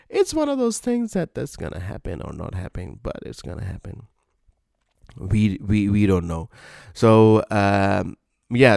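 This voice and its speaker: A man's voice: on the low side, a little mellow, no echo, clean studio sound. A man hosting a podcast, chatting casually through the news in a rambling way with sarcastic asides. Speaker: podcast host.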